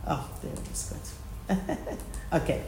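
A woman's voice: slow pace, dark tone, reverberant, slight background noise. A woman teaching a text study class, reading passages aloud and then explaining each one plainly. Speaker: Torah teacher.

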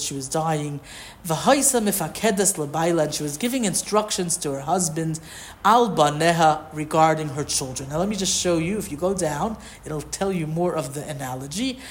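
A woman teaching a Torah class to a group, reading verses and translating them line by line in a conversational way. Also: on the low side. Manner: conversational, explains with questions.

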